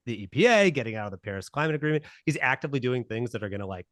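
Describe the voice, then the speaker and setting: A man's voice: medium pitch, animated, very fast, fairly bright tone, dry recording, clean studio sound. A man, a comedian guest, chatting casually on a radio panel, riffing with many "like" fillers. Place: radio studio.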